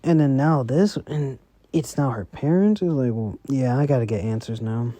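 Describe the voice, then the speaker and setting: Casual male storyteller: deep, warm-dark tone, dry recording, loose and chatty. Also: normal speed, dry recording. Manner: rambling, full of "like" and "you know", slangy. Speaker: commentator retelling a story. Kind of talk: casual spoken recap.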